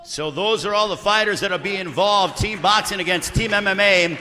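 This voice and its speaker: A man's voice: sits high, moderate pace, pushed and bright. A man hosting a press conference, moderating and trying to keep order in an announcer-like way. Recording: reverberant hall.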